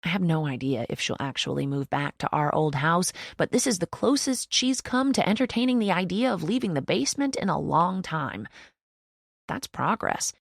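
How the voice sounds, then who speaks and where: A woman narrates a novel in the first person, with an even and reflective delivery. Her voice is low and gravelly. The recording is dry and close. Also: normal speed, dry recording. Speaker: audiobook narrator.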